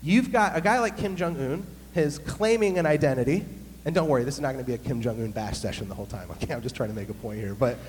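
A man, a pastor, telling a humorous story in an animated sermon. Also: mid-range voice, fast. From United States. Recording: long hall reverb, faint hum.

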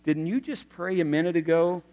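A man's voice: on the high side, moderate pace, darkish tone, long reverb tail, close to an everyday voice. A man voicing a young daughter who asks her father earnest, honest questions.

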